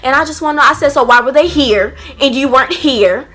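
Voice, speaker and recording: A young woman telling a blunt, profane storytime vlog with animated energy. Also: sits high, brisk, faint music behind. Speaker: vlogger.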